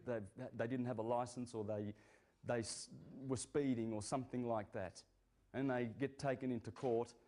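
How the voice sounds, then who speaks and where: A man's voice: mid-range voice, dark tone. A man speaking casually and emphatically, rising to indignant bursts. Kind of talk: casual speech.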